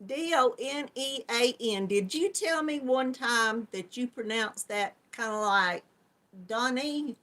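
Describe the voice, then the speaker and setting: A woman's voice: a little high, a little slow, hardly any pauses, a bit bright. A middle-aged woman with a Southern US accent hosts a casual live stream, greeting viewers one by one and calling them hon and darling. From Georgia, US. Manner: chatty, affectionate, calls viewers hon and darling.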